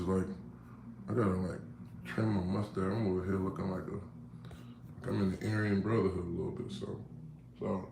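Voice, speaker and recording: A man's voice: medium pitch, darkish tone. A man hosting a casual livestream from home, talking in a laid-back, streetwise way with viewers. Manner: laid-back, streetwise, full of "you know what I'm saying". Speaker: livestream host. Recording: roomy, light background noise.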